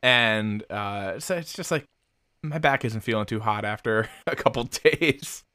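A man's voice: fairly low pitch, unhurried, pushed and bright, no room sound, studio quality. A young man co-hosting a podcast, chatting casually in a rambling, laid-back way with plenty of swearing. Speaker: podcast co-host. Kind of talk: casual chat.

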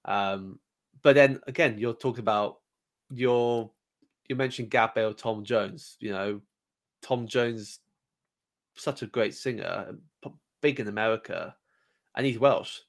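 A man's voice: lowish voice, a little slow, vocal fry, long pauses. A man from England co-hosting a podcast in casual chat, hesitant with lots of ums and repeated words. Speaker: podcast co-host.

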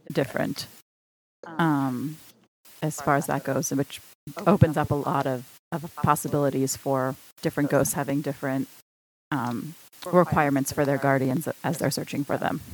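A woman with a low voice joins a podcast discussion. She talks in a thoughtful, measured way, pausing on fillers. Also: steady tone, a little mellow, low-quality recording. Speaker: podcast co-host. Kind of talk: casual discussion.

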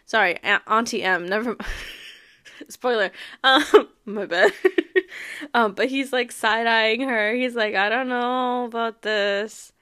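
A fairly high-voiced woman host talks through a book recap in a casual, animated way. She laughs often and keeps things chatty and playful. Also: measured pace, long pauses. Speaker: podcast host.

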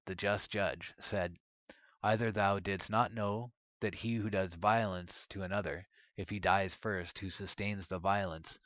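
Man, very deep voice, solemn measured reading, dull muffled recording. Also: a bit bright, no echo. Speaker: narrator. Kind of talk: scripted reading of an ancient religious text.

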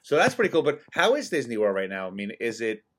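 A man hosting a casual sports chat from his bedroom at home, keeping his voice quiet and subdued. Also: mid-range voice, wildly swooping pitch, quick pace. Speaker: podcast host.

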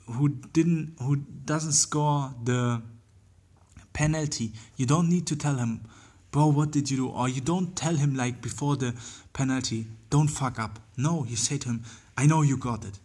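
A man with a slightly husky voice speaks at a mid pitch. He hosts his own podcast, pressing the same point again and again with "like" and "you know" as he hunts for words. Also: a little mellow. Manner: earnest, repetitive, many fillers and restarts. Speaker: podcast host. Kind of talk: casual motivational monologue.

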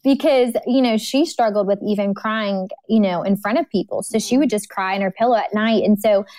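A woman's voice: medium pitch, brisk, a little mellow, dry recording. A woman guest on a podcast, telling personal stories in an earnest, heartfelt way. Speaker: podcast guest, ministry speaker. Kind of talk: casual interview chat.

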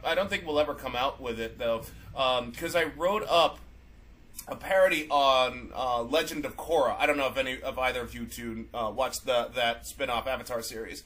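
A man's voice: fairly high pitch, a bit bright, poor audio. A man co-hosting a casual podcast chat, rambling with lots of fillers and restarts. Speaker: podcast co-host.

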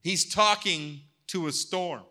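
Here the preacher has a high voice and takes his time. He reads scripture aloud during his sermon, performing God's lines and alternating between quiet passages and sudden loud bursts.

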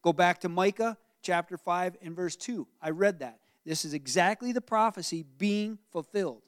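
A man's voice: high voice, normal speed, no room sound, studio quality. A man preaching a sermon, switching between storytelling and direct questions to the congregation. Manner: animated preaching, acts out Joseph's voice, asks the room questions. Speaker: pastor.

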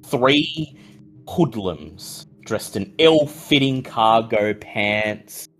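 A man narrating a tabletop horror game as game master, in slow, measured description. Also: fairly low pitch.

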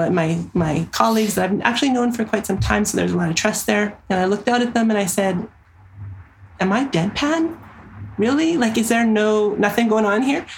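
Woman, 30s, therapist being interviewed, animated and earnest, some gravel in the voice, faint hiss behind. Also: medium pitch, low-quality recording. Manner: earnest, animated storytelling with frequent fillers. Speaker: somatic therapist. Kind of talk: interview storytelling.

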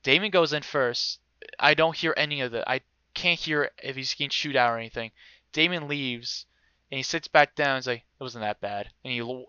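A young man casually telling a story, animated and swearing freely, acting out other people's voices. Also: mid-range voice, smooth, dry recording, dull audio.

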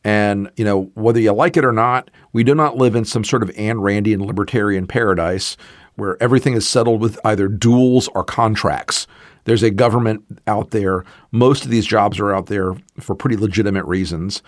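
Brief: man, political guest, blunt and sarcastic, low voice, dry close mic. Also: moderate pace, no echo. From Southern United States. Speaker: podcast guest, political commentator. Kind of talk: casual political conversation.

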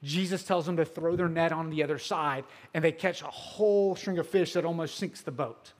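A man giving a sermon as a pastor, telling the story casually with filler words and swinging between loud emphasis and hushed moments. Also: on the high side, normal speed, in a large hall.

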